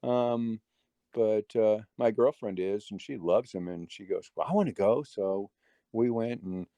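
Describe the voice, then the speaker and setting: Mellow-voiced man telling stories in a rambling way. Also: fairly low pitch, measured pace, dry recording. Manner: rambling, with many restarts and quoted dialogue. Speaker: guest magician. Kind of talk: casual interview storytelling.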